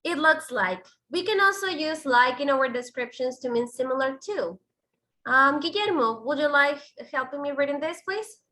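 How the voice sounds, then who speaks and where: High bright teacher voice, echoey room. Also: female voice, lively intonation. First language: Spanish. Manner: explains slowly, mixing Spanish and English. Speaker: English teacher. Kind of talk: bilingual online class.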